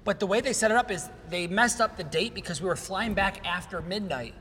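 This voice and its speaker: A man with a high voice tells a story on a podcast, animated and quick to act out what others said. The sound is roomy with a long tail of reverb. Faint noise sits underneath. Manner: animated, retells quotes in lively bursts. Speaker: podcast host. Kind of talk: casual storytelling chat.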